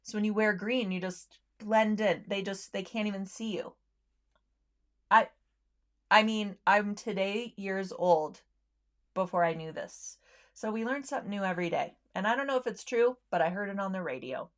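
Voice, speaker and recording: A woman's voice: mid-range voice, normal speed. A woman hosting a sewing livestream, chatting casually with viewers, friendly, with lots of ums and easy laughs.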